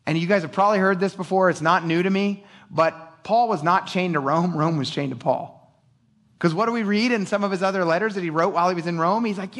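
Middle-aged pastor guy, kinda high voice, jokey and lively, acts out the voices. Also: fairly quick. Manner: animated, casual and joking, acts out voices. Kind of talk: sermon.

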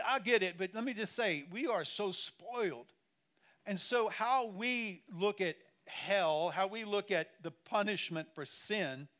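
Emphatic pastor preaching. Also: male voice, high-pitched, animated, normal speed, a bit bright. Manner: conversational and emphatic, repeating phrases and addressing the congregation directly. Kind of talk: sermon.

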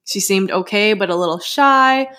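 A woman co-hosting a laid-back podcast, reading a listener's story aloud and breaking off for chatty asides. Her voice sits at an ordinary middle pitch. She laughs easily between lines. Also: normal speed, bright, forceful tone. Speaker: podcast co-host. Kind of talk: casual chat and story reading.

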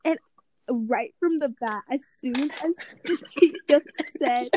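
She takes her time, speaking in a high voice over a little hiss or hum. A young woman co-hosting a podcast, she chats casually and tells giggly, animated stories full of laughter.

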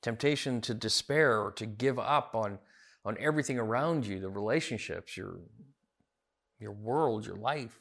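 A man's voice: lowish voice, normal speed, creaky, a bit bright. A man as pastor preaching a sermon, earnest, building to emphatic repeated phrases. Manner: earnest, rising emphatic repetitions.

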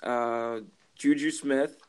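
Rambling, halting young man. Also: mid-range voice, steady tone, clean tone. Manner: rambling, halting restarts, swears, laughs easily. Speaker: podcast co-host. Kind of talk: casual sports chat.

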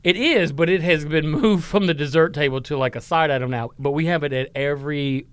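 Upbeat guy cohosting a chatty podcast, kinda high voice, laughs a lot. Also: a little fast, smooth, no room sound. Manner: animated, laughs often. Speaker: podcast co-host. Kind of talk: casual chat.

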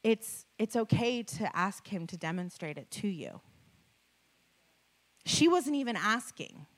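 Woman, preacher, sermon with storytelling, chatty, laughs a lot, lively swinging pitch. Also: a little slow. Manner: animated and conversational, filler-heavy, laughs often. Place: before a live audience with slides.

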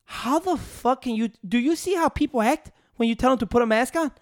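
A man's voice: very high-pitched, a little fast. A man in casual podcast chat, arguing and swearing, calling his friend "bro". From Chicago area. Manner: profane, argumentative, calls his friend "bro".

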